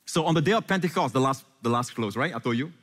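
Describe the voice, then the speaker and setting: Guy preaching hard, big rising questions then going soft and quiet, middle-pitched voice, hall reverb trailing off. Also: animated, fast talker. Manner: impassioned preaching, swinging from loud questions to hushed reassurance. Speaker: pastor. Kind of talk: sermon.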